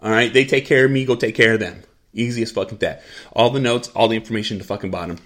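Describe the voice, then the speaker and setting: A man's voice: fairly low pitch, steady tone, fast, fairly bright tone. A middle-aged man hosting his own podcast, ranting bluntly with constant profanity and repetition. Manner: profane, blunt, rants and repeats himself. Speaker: podcast host. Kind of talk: profane angry rant.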